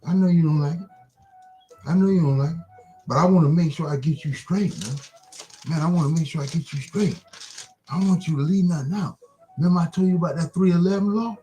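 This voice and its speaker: Man, high mellow voice, swooping delivery; preachy host firing taunting questions in a religious rant, faint music behind. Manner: preachy, rapid-fire rhetorical questions, taunting the listener. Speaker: host of an online broadcast. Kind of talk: impassioned religious monologue.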